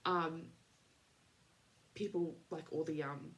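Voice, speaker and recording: An Australian woman in her thirties talks through her podcast in a loose, rambling way, full of ums and small laughs. Her voice sits a little low for a woman, and it feels like a relaxed, friendly catch-up with listeners. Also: takes it slowly. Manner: rambling, chatty, many fillers and laughs. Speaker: podcast host. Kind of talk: casual chat.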